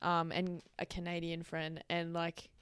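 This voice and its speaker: A woman's voice: on the low side, monotone, measured pace, a bit bright, clear, resonant tone, no echo, clean studio sound. A young Australian woman hosting her own podcast in casual, rambling solo chat, swearing freely and wandering into asides. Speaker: podcast host.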